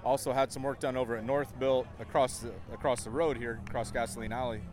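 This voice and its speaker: A man being interviewed outdoors at a motorcycle meetup, talking in a relaxed, chatty way with easygoing swearing. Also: medium pitch, fast talker. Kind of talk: casual interview.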